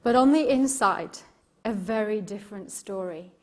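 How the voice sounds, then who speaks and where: A woman's voice: medium pitch, normal speed. A middle-aged woman from Yorkshire with an English accent, giving a live motivational keynote as a coach, telling stories with emphatic repetition and questions to the audience. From Yorkshire, England. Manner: expressive storytelling, emphatic repetition, engages audience.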